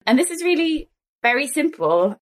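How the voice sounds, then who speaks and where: An Irish woman in young adulthood co-hosts a relaxed cookbook podcast. Her pitch swoops up and down as she chats, and she breaks into laughter often. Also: moderate pace, slight background noise. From Ireland. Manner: chatty, laughs often, animated. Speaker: podcast co-host. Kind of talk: casual chat about a cookbook.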